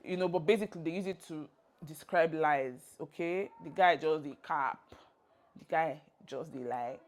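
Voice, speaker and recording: A woman's voice: low-pitched, normal speed. A Nigerian woman giving a casual video lesson, playfully acting out example phrases as she teaches. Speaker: language tutor.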